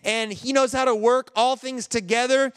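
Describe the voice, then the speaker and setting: A male pastor delivers an earnest, conversational sermon, often restarting his sentences. His voice sits high and sounds smooth and resonant. The long reverb of a large hall trails after each phrase. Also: fairly even intonation, normal speed, a bit bright.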